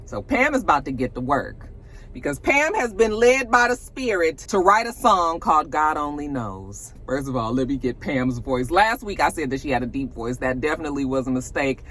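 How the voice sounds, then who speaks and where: A woman's voice: deep voice, moderate pace, slight background noise. A woman casually recapping a reality show episode, acting out quotes with swearing and laughter. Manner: animated storytelling, acting out quotes, cursing, laughing.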